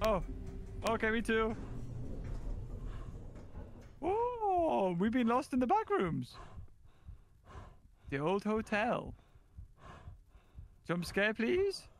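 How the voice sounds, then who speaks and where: High, bouncy excitable gamer guy. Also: very slow, long pauses. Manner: excitable, playful, sing-song teasing. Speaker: gaming co-player. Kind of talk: casual gaming chat over voice call.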